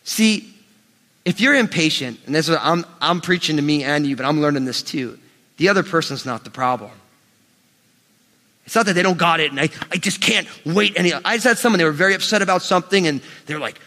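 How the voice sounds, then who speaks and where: A man preaching a sermon as pastor, animated and emphatic, swinging between loud rises and quiet drops. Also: on the high side, quick pace. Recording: long hall reverb.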